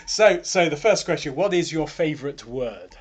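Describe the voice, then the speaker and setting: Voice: medium pitch, expressive, normal speed, a crowd in the background. An interviewer speaking in an upbeat, affirming way, with lots of fillers and restarts. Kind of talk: casual interview talk.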